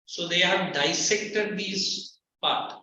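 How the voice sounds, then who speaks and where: Heard from a distance in an echoey, muffled classroom with faint noise, a man with an Indian English accent delivers a lecture. His voice is high-pitched with a sharp tone at a slow pace, and he mixes English with Hindi while staying firm with students.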